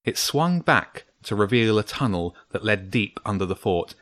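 Male storybook narrator, lower voice, dry close sound, measured and steady. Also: dry recording.

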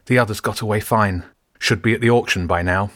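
A man's voice: fairly low pitch, fairly quick, a bit bright, close to an everyday voice. A man voicing a weak, sick teenage boy with a wheezy, breathless voice, faint and hesitant. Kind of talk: audiobook character voice.

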